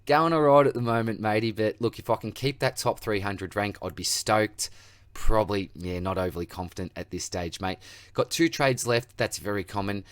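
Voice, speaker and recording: An Australian man hosting a casual Q&A that answers viewer comments, with a relaxed, matey manner, calling everyone mate and buddy. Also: lowish voice, moderate pace, no echo. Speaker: fantasy football channel host.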